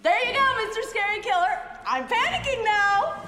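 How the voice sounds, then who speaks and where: A woman's voice: extremely high pitch, lively intonation, normal speed. A woman playing a sarcastic teen cheerleader who mocks a killer in a horror comedy film. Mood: mocking. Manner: mocking, sarcastic. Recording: echoey film scene with music.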